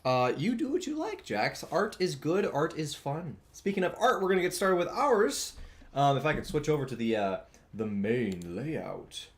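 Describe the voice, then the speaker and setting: A young man streaming as he draws, chatting in a relaxed way, answering chat and laughing often. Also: on the high side, normal speed. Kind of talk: casual chat while drawing on stream.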